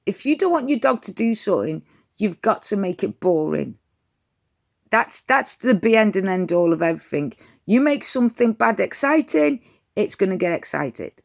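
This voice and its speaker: A chatty woman explains dog training straight to her viewers, direct and informal. Her mid-pitched voice has a gravelly, creaky edge. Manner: chatty, direct, addresses viewers as "you lot". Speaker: dog owner giving training tips. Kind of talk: casual advice vlog.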